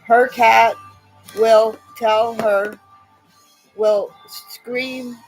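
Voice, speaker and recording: Woman, middle-aged, live stream host, rambling chatty talk, slow pace. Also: on the high side, level tone, faint music behind. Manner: rambling, chatty, laughs often. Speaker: livestream host. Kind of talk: casual live chat with viewers.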